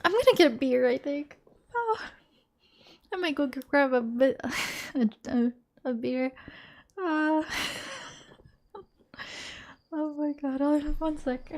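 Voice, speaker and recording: Anxious high-voiced woman gaming streamer. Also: takes it slowly, pauses often, a little hiss or hum. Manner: anxious, swearing, talks to herself. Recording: faint music behind.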